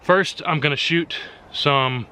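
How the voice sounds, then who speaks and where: A man's voice: fairly high pitch, slow, sharp tone, slight background noise. A man hosting a casual outdoor shooting demonstration, talking in a folksy, joking and enthusiastic way, recorded on an action camera outdoors at a rural range. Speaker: firearms video host.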